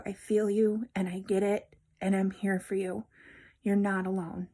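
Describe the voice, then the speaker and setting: A woman talking straight to her viewers in a heartfelt vlog, gentle and reassuring, sometimes sinking to a soft near-whisper. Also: mid-range voice, little pitch movement, unhurried. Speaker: vlogger. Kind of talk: heartfelt personal vlog talk.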